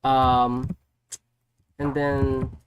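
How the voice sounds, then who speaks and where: A man streaming casually, recapping a story in an excitable, rambling way full of "like" and "you know". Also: medium pitch, drawn-out words, lo-fi sound, background noise. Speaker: vtuber streamer. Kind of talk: casual chat.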